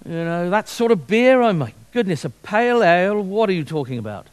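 A man's voice: high voice, very animated, fairly quick, smooth. A man voicing a smug rich man in a sermon, boasting and scornful about food and drink. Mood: boastful.

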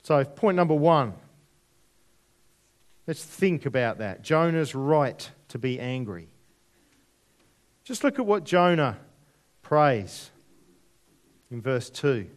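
A man preaching a sermon, reading scripture aloud and explaining it with deliberate, dramatic emphasis. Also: mid-range voice, big pitch swings. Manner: slow, deliberate, dramatic drops to near whisper on key words.

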